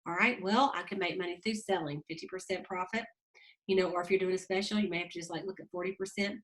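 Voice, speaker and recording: A woman's voice: lowish voice, steady tone, fast talker, fairly bright tone, rough recording. A woman hosting a motivational sales team call, upbeat and folksy, coaching her team. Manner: upbeat, pep-talk, folksy.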